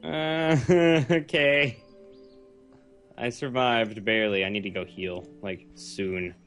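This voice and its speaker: A man's voice: medium pitch, steady tone, takes it slowly, a bit bright, soft background music. A young man from New England with a nasal voice and a New England American accent, chatting and giggling through a co-op game as a guest. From New England, United States. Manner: giggly and self-deprecating, rambling. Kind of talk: casual gaming chat.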